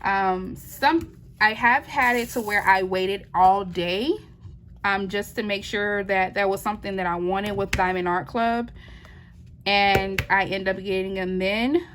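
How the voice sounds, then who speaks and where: A woman's voice: mid-range voice, steady tone, unhurried, fairly bright tone, slight background noise. A woman, a wife and mother, chatting casually while she works on a craft. She answers viewer questions, laughs easily and keeps saying "y'all.". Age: adult, wife and mother. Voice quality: chatty, laughs often, says "y'all" a lot. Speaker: diamond painting channel host.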